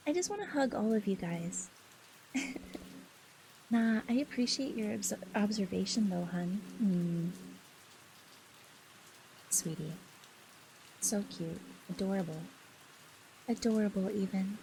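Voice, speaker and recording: A woman streamer chatting casually with her viewers, reading their messages aloud in a soft, affectionate, giggly way. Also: mid-range voice, lively intonation, slow pace, long pauses, a little hiss or hum, low-quality recording.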